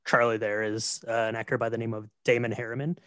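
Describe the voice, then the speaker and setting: A man co-hosting a casual film podcast, retelling the plot in a relaxed way with fillers. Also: medium pitch, quick pace, smooth, dry recording, clean studio sound. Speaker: podcast co-host. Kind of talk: casual film recap chat.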